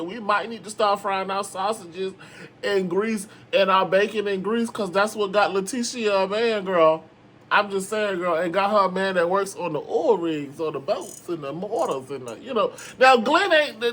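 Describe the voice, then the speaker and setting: A young man with a high, bright, forceful voice delivers sassy, animated commentary on reality TV. He breaks into sudden dramatic outbursts. Faint ambience sits behind the voice. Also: a little hiss or hum. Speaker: reality TV recap host. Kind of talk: casual commentary.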